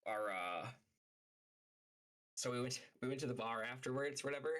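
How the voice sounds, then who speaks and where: Bright-voiced man venting on stream. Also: mid-range voice, normal speed, low-quality recording. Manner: heated, profane venting with many fillers. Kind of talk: casual livestream rant.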